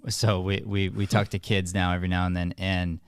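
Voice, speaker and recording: Low and level, with a clean tone, this man speaks a little fast as he hosts his podcast. An acting coach, he's earnest and casual, storytelling while often starting his sentences over.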